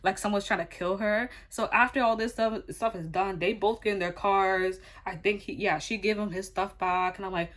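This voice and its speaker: A young woman recounting a story straight to camera in a loose, rambling way. She talks casually, piles on fillers and curse words, and keeps the telling animated. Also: medium pitch, normal speed, few pauses. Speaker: vlogger.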